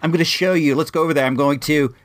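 A man's voice: on the high side, fast talker, no echo, clean studio sound, lightly acted. Cocky daring kid, as a man quotes him. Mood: goading. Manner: boastful, goading. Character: cocky neighborhood boy, brash and daring.

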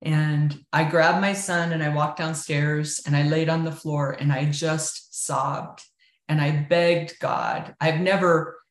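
A woman's voice: deep voice, fairly even intonation, slow. A woman telling her personal story of faith as an interview guest, earnest and candid, often saying "like" and "you know". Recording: roomy echo.

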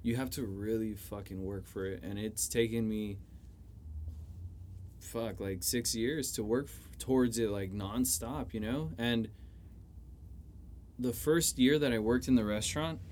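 A man's voice: lowish voice, steady tone, measured pace, long pauses, darkish tone, a little hiss or hum. Laid-back young man, casual swearing. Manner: laid-back, swears freely, lots of "you know". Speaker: chef guest. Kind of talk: casual podcast chat.

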